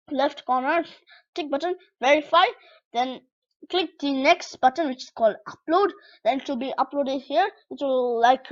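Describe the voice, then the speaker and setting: A woman's voice: high-pitched, lo-fi sound. A young woman walking through an electronics tutorial in a casual, rambling way, often correcting herself mid-sentence. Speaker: tutorial vlogger.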